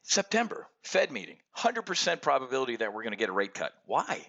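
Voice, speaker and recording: A middle-aged man hosting an options trading show, giving a brash, energetic market commentary rant and calling out to the folks watching. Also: medium pitch, fairly quick, creaky, dull audio. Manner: brash and animated, keeps addressing folks.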